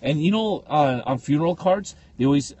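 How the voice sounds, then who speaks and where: Animated husky man telling funny stories. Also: moderate pace, no room sound. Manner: animated, jumps into high squealing voices for quoted people. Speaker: podcast co-host. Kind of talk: comedic storytelling chat.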